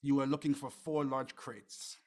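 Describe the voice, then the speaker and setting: A man voicing a middle-aged Russian male informant in a deep, put-on Russian accent. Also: little pitch movement, a little slow, a little mellow, natural voice. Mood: matter-of-fact. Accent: Russian, put on badly.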